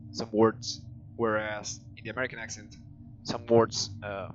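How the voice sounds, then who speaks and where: A man's voice: fairly low pitch, little pitch movement, moderate pace, lo-fi sound, a little hiss or hum. A man with a heavy Spanish accent streaming a video game, chatting casually and thinking aloud with frequent restarts. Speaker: gaming streamer. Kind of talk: casual gameplay chat. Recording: game music behind the voice. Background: game music.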